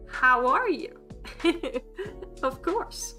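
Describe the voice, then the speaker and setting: A woman's voice: sits high, big pitch swings, pushed and bright, faint music behind. A woman, chatty and giggly, teaching a casual streamed language lesson as a VTuber. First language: Swedish. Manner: chatty and giggly, quick to laugh at her own jokes.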